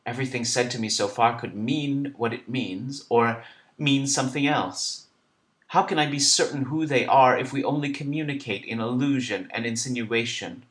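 A man narrating a first-person literary story in a measured, introspective way. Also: mid-range voice, a bit bright.

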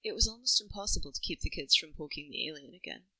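Woman storyteller, bright and dry, reflective first-person reading. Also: sits low, animated, fast, slightly rough, no echo, poor audio. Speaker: narrator.

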